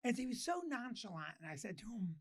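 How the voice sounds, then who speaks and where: A man's voice: high voice, big pitch swings, fast talker. An older man co-hosting a casual talk show, telling stories in a blunt, joking way. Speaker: co-host. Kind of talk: casual chat.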